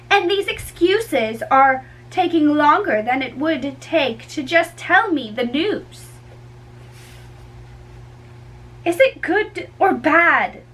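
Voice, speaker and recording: A woman's voice: high voice, fairly bright tone, full character voice, poor audio. A woman reading a play aloud, voicing an impatient young girl in love who presses and pleads for news. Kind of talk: dramatic reading.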